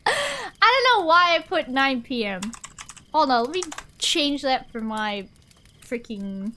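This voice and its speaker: Bright high-voiced woman streamer. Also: slow pace. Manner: chatty, rambling, answers chat aloud. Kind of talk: casual chat with a live stream audience.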